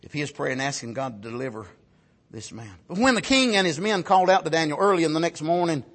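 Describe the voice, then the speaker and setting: A man delivers a fervent sermon in a high, bright voice. His tone carries a husky edge. He drops low for asides, then climbs to shouts and calls of amen. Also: expressive, fast. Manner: fervent, rising to shouts, frequent amens. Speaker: preacher.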